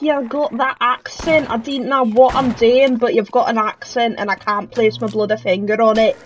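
A woman's voice: a little high, fairly even intonation, moderate pace, hardly any pauses. A woman giving chatty, joking commentary while she plays a game. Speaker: let's play gamer. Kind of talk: casual gaming commentary. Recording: dull lo-fi mic with faint noise.

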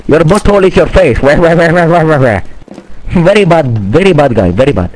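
A man's voice: on the high side, lively intonation, brisk, a little mellow, poor audio. A young man voicing a taunting male gamer troll who swears in broken English, with game gunfire behind him. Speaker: online game player. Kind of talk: trash-talking in game voice chat.

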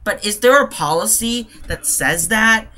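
A man's voice: high-pitched, expressive, pushed and bright. A man talking in a casual vlog, ranting in an exasperated, rambling way about a store trip. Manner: exasperated, rambling, quick to laugh. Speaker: couponing vlogger.

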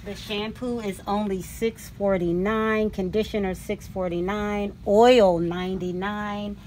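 A woman films a store walkthrough vlog, gushing and exclaiming straight to her viewers in an unhurried, drawn-out way. The camera is held by someone else in a big indoor shop, with a faint hum of store ambience behind her. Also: mid-range voice, steady tone, a little mellow. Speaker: vlogger and product owner. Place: large retail store, indoors. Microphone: camera held by another person.

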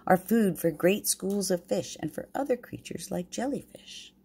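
A woman's voice: medium pitch, animated, moderate pace, darkish tone, slight background noise, pitched above the performer's own voice, lightly acted. An older woman voicing a kindly, learned male bear professor in a storybook read-aloud, explaining patiently.

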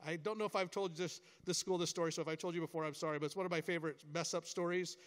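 A man's voice: a little high, steady tone, racing. A middle-aged man giving a chapel talk to schoolchildren, encouraging and full of stories. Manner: storytelling, encouraging, acts out quoted lines. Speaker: camp staff speaker at school chapel. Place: large hall, chapel. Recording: long hall reverb.

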